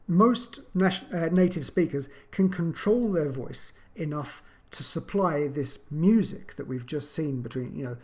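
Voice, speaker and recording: Chatty male English teacher, fillers and restarts. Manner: acts out intonation with animated pitch. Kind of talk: online grammar lesson.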